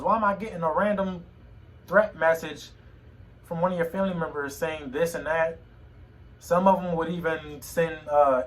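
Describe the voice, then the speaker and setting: A young man talking to a phone camera at home in a personal vlog, emotional and halting, often repeating his words. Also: fairly high pitch, recorded from a distance, rough recording. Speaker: vlogger. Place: home room.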